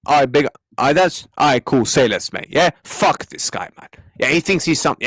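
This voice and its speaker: In a rough, dry recording with no room sound, a man hosting a football fan channel delivers a heated match reaction rant. His voice is a little high, animated, a little fast, and fairly bright, and he talks to viewers in an exasperated, slangy way, repeating himself.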